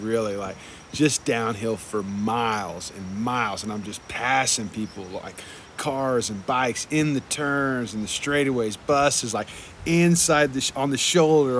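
A man's voice: mid-range voice, fairly bright tone. A young man recounting a ride in loose, easygoing talk, his voice sitting in an ordinary middle register. He curses freely and strings thoughts together with filler words. Faint noise hums behind him. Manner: laid-back, heavy swearing, lots of "like" and "dude". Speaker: traveling motorcycle vlogger. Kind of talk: casual rambling travel storytelling.

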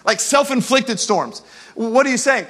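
A male pastor preaching a sermon to a church service, building to shouts and urging the congregation. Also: very high voice, animated, a little slow. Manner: preaching with rising shouts and call-and-response urging.

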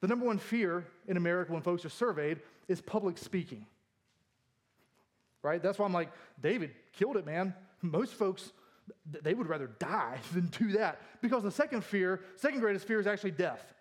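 A man with a fairly high voice delivers a sermon from the pulpit. He keeps it light and jokey, pokes fun at himself and laughs easily as he moves between stories and scripture. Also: animated, moderate pace. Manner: jokey, self-deprecating, laughs often. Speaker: pastor. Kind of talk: humorous sermon.

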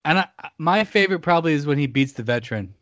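A man's voice: on the high side, animated, fast talker, a bit bright, no room sound, clean studio sound. A man co-hosting a casual movie chat in a laid-back way, sharing trivia and swearing casually. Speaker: podcast co-host.

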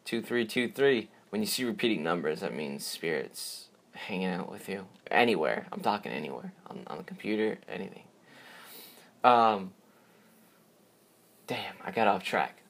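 Rambling low-voiced man on a podcast. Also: lively intonation, moderate pace, gravelly, a bit bright. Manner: rambling, repeats words, yawns, drifts off track. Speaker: podcast host. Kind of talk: casual solo podcast talk.

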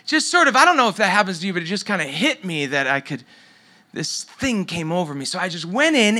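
With a fairly high, bright, forceful voice, a middle-aged pastor delivers a sermon built around a story. During the tender moments he goes quiet, nearly whispering.

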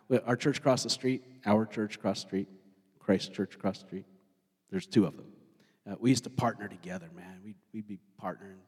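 A male pastor preaching a sermon, talking in an animated way and putting questions to his congregation. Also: a little high. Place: church sanctuary. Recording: long hall reverb.

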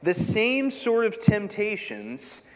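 A man preaching a sermon as pastor, reading scripture with measured delivery and dramatic emphasis on quoted lines. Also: high-pitched, big pitch swings. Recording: long hall reverb.

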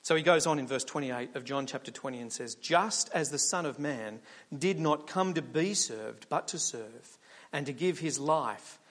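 A man's voice: mid-range voice, normal speed. A man preaching a sermon, telling stories and asking rhetorical questions. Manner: animated storytelling with rhetorical questions. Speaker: pastor. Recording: long hall reverb.

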